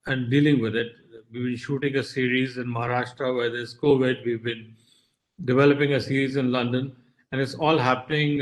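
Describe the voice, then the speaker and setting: A man from India who makes content, giving casual, hesitant panel remarks from his home study. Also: medium pitch. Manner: hesitant, with many fillers. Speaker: content producer.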